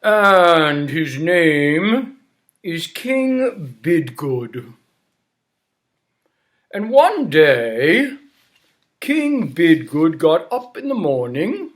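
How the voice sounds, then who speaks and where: A man storyteller reading aloud for children, slow and unhurried. His pitch swoops widely, and he often invites the listeners to join in. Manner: animated, invites audience to repeat.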